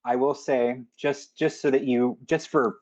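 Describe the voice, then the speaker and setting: A man acting as game master, narrating a tabletop game in a halting way with many fillers. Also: medium pitch, steady tone, a little mellow, muffled recording.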